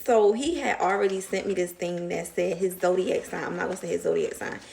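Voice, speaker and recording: A young woman telling a story to her viewers in a casual, animated way, acting out the other voices as she goes. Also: lowish voice, brisk, creaky, slight background noise. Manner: chatty, animated retelling, mimics voices in quotes. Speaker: vlogger.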